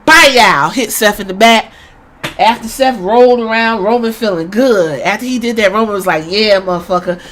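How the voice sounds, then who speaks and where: A woman hosting a podcast, giving a casual, profane recap and acting out moments with sudden shouts. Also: a little high, moderate pace. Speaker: podcast host.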